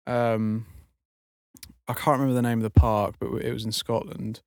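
A man's voice: medium pitch, flat delivery, normal speed, a little mellow, no echo, studio quality. A young man, a podcast co-host, telling a rambling story in casual chat, full of fillers and swearing.

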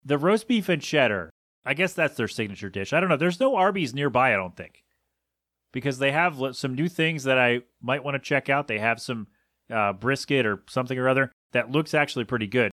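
Bright-voiced man ranting on a podcast. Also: medium pitch, expressive, fairly quick, no echo, studio quality. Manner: ranting, exasperated, rambling asides. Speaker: podcast host. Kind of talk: casual solo podcast rant.

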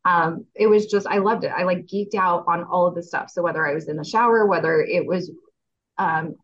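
A woman's voice: fairly low pitch, a little fast, fairly bright tone. A woman guest on a podcast, speaking casually and animatedly, laughing often, with many fillers. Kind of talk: casual heartfelt chat. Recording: slightly dull lo-fi audio.

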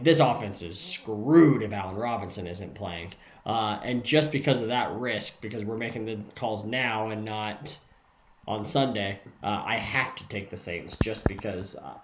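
A man co-hosting a casual sports podcast, relaxed and thinking aloud with lots of hesitations as he weighs his picks. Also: mid-range voice. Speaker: podcast co-host making game picks. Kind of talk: casual sports-betting chat. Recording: echoey room.

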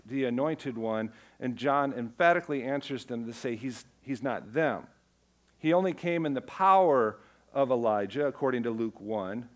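Man, pastor, emphatic sermon, repeats phrases, mid-pitched voice. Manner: emphatic preaching, repeats key phrases, drops low for quotes.

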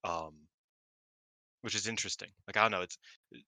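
A man co-hosting a podcast, talking casually and excitedly, often swearing and acting out what others said. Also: fairly low pitch, fairly quick, dry recording, poor audio. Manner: excitable, swears, acts out quotes. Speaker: podcast co-host. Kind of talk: casual wrestling review chat.

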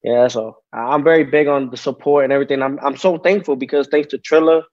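Young guy in his 20s on a video call, talks haltingly, lots of ums, muffled lo-fi sound. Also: mid-range voice, steady tone, a little mellow. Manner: halting, many fillers and restarts. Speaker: interview guest, athlete. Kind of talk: casual interview answers.

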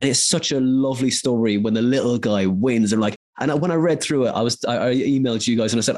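A man's voice: mid-range voice, darkish tone. A man in his forties from Ireland, a voice actor telling long, rambling stories in a casual interview. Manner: rambling anecdotal storyteller, quick bursts.

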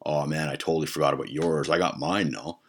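A man's voice: a bass voice, fairly even intonation, quick pace, husky, heavily acted. A man doing a shrugging stoner buddy. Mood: careless. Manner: shrugging, dismissive, profane. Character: careless stoner male buddy, young adult.

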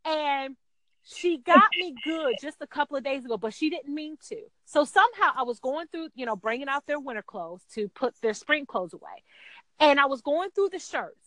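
Woman guest, high pitch, dry sound, lively anecdote teller. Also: moderate pace, dry recording, poor audio. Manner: animated, acts out quotes in a high voice. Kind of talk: casual storytelling chat.

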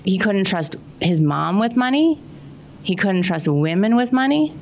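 A woman's voice: mid-range voice, lively intonation, unhurried, darkish tone, highs cut off, slight background noise. Earnest woman telling client stories. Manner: earnest, anecdotal, acts out quotes. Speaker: guest, money coach. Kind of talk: casual interview storytelling.

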